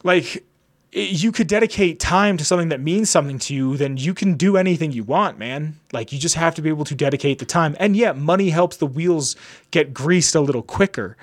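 Young dude podcast host rambling thru a story, kinda high voice, lots of "like". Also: male voice, fairly quick. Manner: rambling, animated retelling with lots of "like" and quoted dialogue. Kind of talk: casual storytelling.

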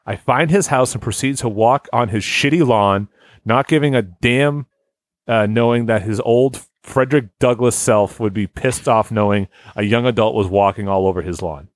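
A man's voice: lowish voice, moderate pace, dry recording. A man hosting a podcast, reading a listener's story aloud in casual chat, often breaking into laughter and stumbling over words.

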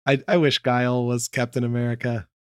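A young man co-hosting a casual chat, laid-back and quick to laugh. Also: mid-range voice, flat delivery, smooth, no room sound. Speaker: podcast co-host.

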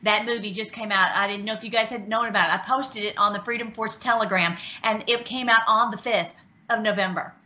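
A woman hosting an online show, talking casually and excitedly, with many restarts and fillers. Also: medium pitch, brisk, slight background noise. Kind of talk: casual talk commentary. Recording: dull lo-fi sound.

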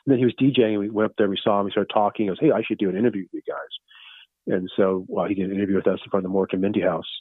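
A rambling, excitable man in his fifties talks loosely over a tinny phone line. His voice sits a little low, and the call sounds dry and close. He drifts from thought to thought with easy enthusiasm. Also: very fast, hardly any pauses, slightly rough, dry recording. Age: 50s. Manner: rambling, loose and excited, keeps saying "you know" and "far out". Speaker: guest, founder of a fun-based religion. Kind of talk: casual phone interview.

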